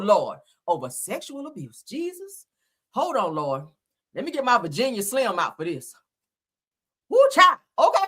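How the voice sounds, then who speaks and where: Woman, gossip commentary, sassy and dramatic, bright, breathy. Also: medium pitch, sing-song, normal speed.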